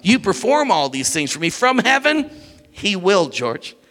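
A man preaching a sermon as pastor, animated and building to shouts as he reads scripture. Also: sits high, unhurried. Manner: dynamic preaching, rising to shouts when reading scripture. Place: church sanctuary. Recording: church hall reverb.

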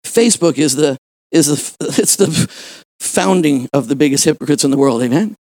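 A pastor preaching a sermon to a church congregation, shouting to stress points and firing questions at the listeners. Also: male voice, fairly high pitch, moderate pace, no room sound. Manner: fervent preaching with shouted emphasis and rhetorical questions.

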